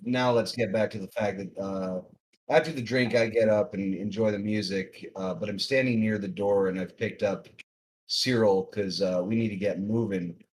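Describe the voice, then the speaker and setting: A man's voice: fairly low pitch, steady tone, moderate pace, darkish tone, slight background noise. A man playing in a tabletop game, talking casually and bluntly. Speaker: player.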